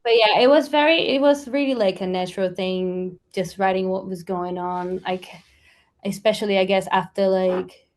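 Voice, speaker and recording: A woman's voice: medium pitch, fairly even intonation, moderate pace. A woman from Brazil with a Brazilian accent, a musician chatting casually as an interview guest, rambling with lots of fillers.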